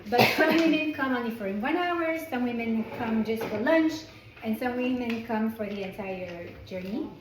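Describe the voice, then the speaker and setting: A woman's voice: on the high side, lively intonation, normal speed. A woman from France with a French accent, teaching a Torah class in a chatty way and often restarting her sentences. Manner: chatty, self-correcting, with frequent restarts. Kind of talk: informal class lecture. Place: indoor class room with a small group. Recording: roomy echo in a class room.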